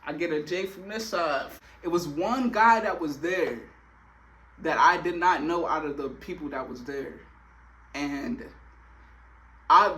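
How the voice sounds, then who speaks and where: Brief: young man telling a story, casual slang, bright and highish voice. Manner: slangy, animated, lots of filler phrases.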